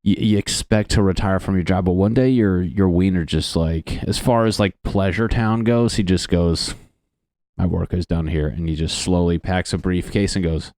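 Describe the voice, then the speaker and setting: Young male podcast host, low voice, dry close sound, rambling swearing comic riffs. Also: fairly even intonation, moderate pace, few pauses, a little mellow, dry recording. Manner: rambling, profane, laughs at own jokes. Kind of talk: solo comedic podcast rant.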